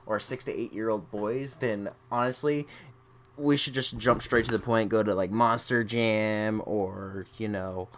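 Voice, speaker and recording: Young dude hosting a gaming chat, lowish voice, rambly and laid back. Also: male voice, fairly even intonation, a little slow, a little hiss or hum. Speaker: podcast host.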